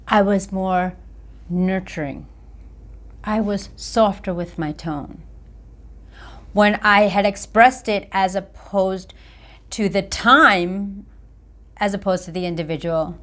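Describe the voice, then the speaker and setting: A woman accountability coach giving a motivational talk to camera, with deliberate, emphatic phrasing. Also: mid-range voice.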